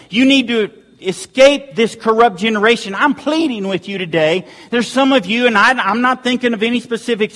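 A man's voice: high-pitched, a bit bright. A man preaching a sermon to his church, pleading with the congregation and repeating urgent questions. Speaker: pastor. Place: church sanctuary. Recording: long hall reverb.

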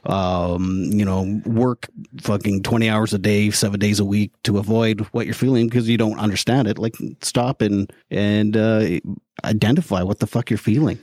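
A man's voice: lowish voice, fairly even intonation, moderate pace, darkish tone, dry recording, studio quality. A man talking openly as a podcast guest in casual chat, swearing freely and laughing often.

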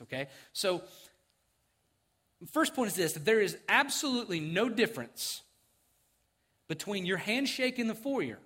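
Animated storytelling male preacher. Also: a little high. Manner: animated, acts out quotes, chuckles often. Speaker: pastor. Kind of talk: sermon with storytelling. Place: church sanctuary.

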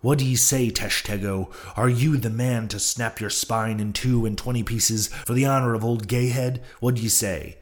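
A man voicing a loud blustering whaling mate. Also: mid-range voice, fairly even intonation, normal speed, few pauses, close to an everyday voice. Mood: rowdy urging. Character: rowdy boisterous male whaling mate. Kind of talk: audiobook character voice.

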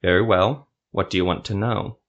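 A man doing a calm, composed rebel priest. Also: sits low, highs cut off. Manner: calm and measured.

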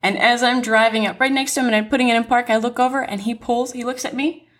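A young woman co-hosting a podcast tells a dramatic story with lots of energy, cursing and laughing along the way. Her voice sits slightly high, and she talks fast.

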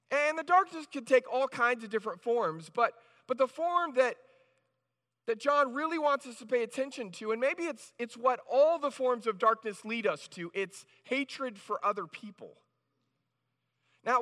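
High, bright-voiced man preaching in a hall. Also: expressive, normal speed. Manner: conversational, with frequent restarts and "right?" asides. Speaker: pastor. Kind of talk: sermon. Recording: reverberant hall.

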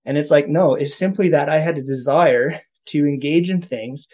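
Man, fairly high voice, earnest, restarts a lot, casual conversation. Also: moderate pace, darkish tone. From Canada. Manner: earnest, thinking aloud with many restarts. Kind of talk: casual podcast chat on faith.

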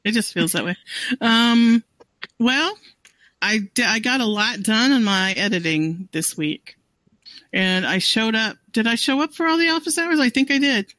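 A woman co-hosting a writers' podcast, chatting in an easygoing way with hesitant pauses. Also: on the high side, a bit bright, no room sound. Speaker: podcast co-host. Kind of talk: casual chat.

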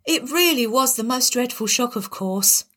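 A woman reads a darkly comic tale aloud. Her delivery is wry and dramatic, and her voice sits on the higher side. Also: lively intonation, moderate pace, bright, forceful tone. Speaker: storyteller. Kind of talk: storybook narration.

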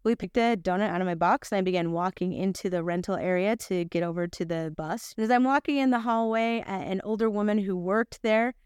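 A middle-aged woman teaching a Bible lesson, telling a personal story with lively voices for the people in it. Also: medium pitch, fairly quick, hardly any pauses, smooth, no echo, clean studio sound. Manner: animated storyteller, acts out quoted voices.

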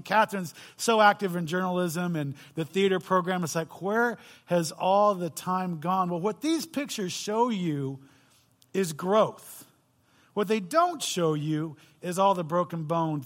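A man's voice: sits high, fairly bright tone. A middle-aged man, a pastor, delivering a sermon with self-deprecating stories and humor.

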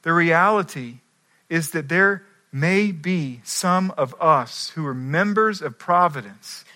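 A man preaching a sermon as pastor, earnest, moving between quiet asides and emphatic climaxes. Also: fairly high pitch, slow.

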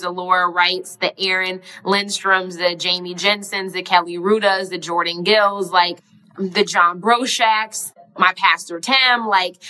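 A young woman speaks in a bright, clear tone, reflecting on her own journey in a casual, heartfelt monologue. She peppers her talk with "like" and sounds close to tears. Her pitch sits in an ordinary middle range. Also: low-quality recording. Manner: earnest, heartfelt, casual with filler "like". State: emotional, near tears.

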